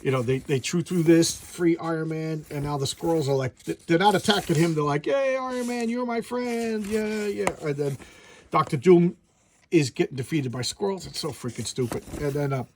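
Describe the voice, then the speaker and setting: A man's voice: fairly high pitch, fairly quick, a little mellow, slight background noise. A man reviewing an old comic book in a casual, blunt, rambling way, often restarting his sentences.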